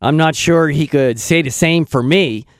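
A man hosting a radio show, talking in an excitable, self-deprecating way. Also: a little high, measured pace, no room sound. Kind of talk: casual radio chat.

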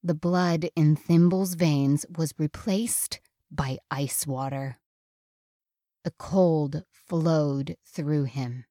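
Slow, dramatic woman storyteller. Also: low-pitched, fairly even intonation, warm tone, no echo, studio quality. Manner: slow, dramatic, suspenseful reading. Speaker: narrator. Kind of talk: storybook narration.

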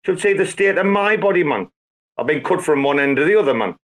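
A man, bantering loudly and swearing a lot in a rowdy group chat. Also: a little high, expressive, fast talker. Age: 40s. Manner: swearing, rambling, loud and jokey. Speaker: Twitter Space participant.

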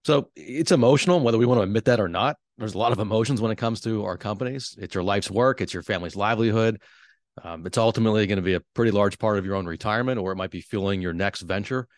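A man who works as a wealth advisor, explaining business topics on a podcast in a measured, earnest way. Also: on the low side, no echo, clean studio sound. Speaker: wealth advisor, show host.

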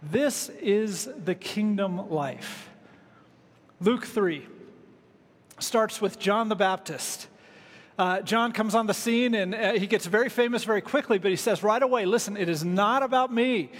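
A man preaches to his congregation in an easygoing, chatty manner, tossing in casual asides. His voice sits high for a man. The sound carries the long reverb of a large church sanctuary. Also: a little slow. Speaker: pastor. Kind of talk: sermon.

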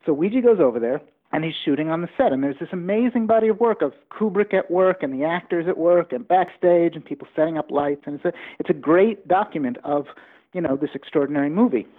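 A man's voice: a little high, animated, fast. A man being interviewed as an author, telling anecdotes with enthusiasm. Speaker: author guest. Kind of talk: storytelling interview talk. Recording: phone-like remote line.

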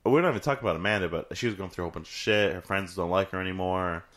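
A man's voice: low voice, rapid-fire, a bit bright. A man co-hosting a podcast, chatting casually and swearing, acting out lines in silly voices. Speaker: podcast co-host. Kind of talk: casual chat about a video game.

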